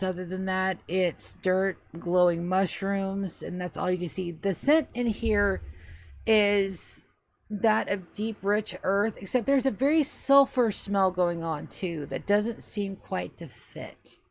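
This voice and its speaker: Woman running a tabletop game, gravelly voice, describing stuff slow with lots of uhs. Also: mid-range voice, steady tone. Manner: descriptive, unhurried, with fillers. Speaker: game master.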